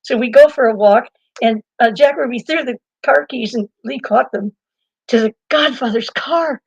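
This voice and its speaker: An older woman being interviewed, telling a long personal story in a lively way, laughing now and then and restarting her sentences. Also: on the high side, moderate pace, gravelly, husky, no echo, lo-fi sound. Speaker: interview guest and author. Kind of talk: conversational storytelling.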